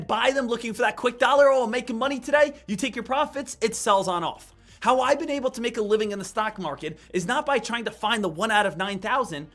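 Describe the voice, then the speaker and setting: High, bright-voiced trading streamer. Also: male voice. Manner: energetic, repetitive hammering phrases. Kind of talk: live trading commentary.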